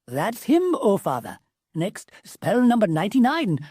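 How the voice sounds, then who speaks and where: A woman's voice: mid-range voice, huge pitch swings, unhurried, dark tone, slightly rough, dry recording, studio quality, voice pushed up, exaggerated voice. A woman voicing a brash, boastful young male genie in a storybook. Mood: cocky. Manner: brash, boastful, casual slang.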